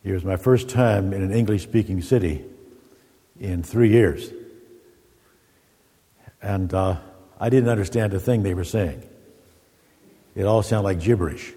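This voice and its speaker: A man preaching a sermon as an Orthodox priest, telling folksy stories, then teaching in a measured way. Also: fairly low pitch, mellow, husky. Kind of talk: sermon with opening jokes. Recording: echoey hall with long reverb.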